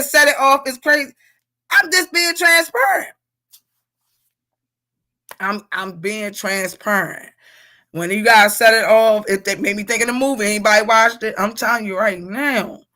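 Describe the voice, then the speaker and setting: A middle-aged woman leading a casual leadership workshop, reading out comments and laughing with the group. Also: on the high side. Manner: animated, laughing, talks to the group as y'all.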